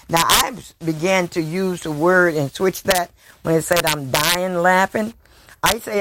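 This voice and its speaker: Slow-preaching woman with hallelujahs. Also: on the low side. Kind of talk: sermon. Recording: noisy recording.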